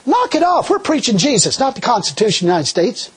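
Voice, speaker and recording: A middle-aged man preaching a sermon in a folksy, animated way, laughing often. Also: very high voice, fast talker, husky, rough recording.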